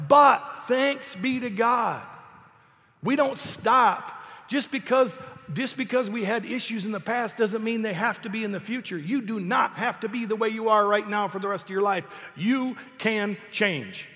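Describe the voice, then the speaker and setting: High-voiced preacher in a reverberant hall. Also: male voice, measured pace. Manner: animated preaching, swings between loud emphasis and soft asides. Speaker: pastor. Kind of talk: sermon. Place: church sanctuary.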